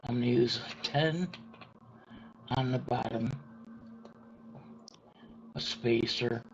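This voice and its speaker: A man giving a casual step-by-step wire jewelry tutorial from his worktable, explaining plainly with pauses. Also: medium pitch, vocal fry. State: talking with his mouth full. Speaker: jewelry maker demonstrating. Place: indoors at a worktable. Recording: dull lo-fi sound with faint room noise.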